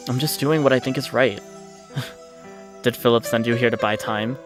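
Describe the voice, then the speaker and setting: A man voicing a calm, self-sacrificing young man. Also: medium pitch, normal speed, soft background music, close to an everyday voice.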